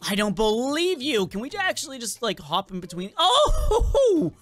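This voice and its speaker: A gaming channel host doing playful, animated let's-play commentary, joking with viewers and game characters. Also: medium pitch, fairly quick, soft background music.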